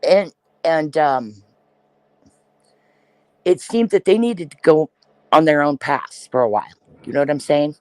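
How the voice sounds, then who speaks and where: Brief: woman podcast host, casual storyteller, from Iowa, dry close sound, lively delivery. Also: low voice, measured pace, long pauses, dry recording, rough recording. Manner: animated storyteller, acts out quoted voices.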